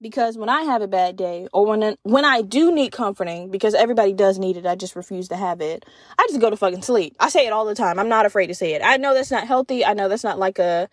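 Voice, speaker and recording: A woman in her twenties hosting a casual solo podcast, telling comedic, profane stories with an animated delivery and lots of "like.". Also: mid-range voice, fast talker, no echo, clean studio sound. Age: 20s. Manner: frequent fillers like "like". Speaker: podcast host.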